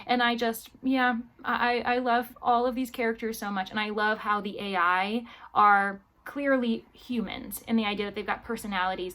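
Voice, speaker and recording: A young woman vlogging about her reading, talking casually and gushing about the book with quick asides. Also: on the high side, a bit bright.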